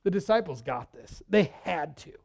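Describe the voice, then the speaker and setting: A male pastor preaching a sermon in a church, talking in a conversational, animated way and often repeating words as he goes. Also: high voice, normal speed, gravelly, slightly rough.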